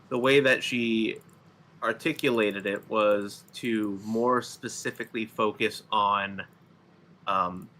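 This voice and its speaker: A man from the United States co-hosting a casual political commentary show, explaining things in a measured way with frequent ums. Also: fairly low pitch, bright, forceful tone. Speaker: podcast co-host.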